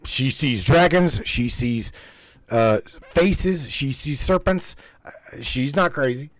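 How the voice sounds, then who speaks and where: A man with a medium-pitched voice, recorded dry, hosts a spiritual livestream and takes his time. He chats casually with his live chat, rambling, repeating himself, speaking emphatically and swearing freely.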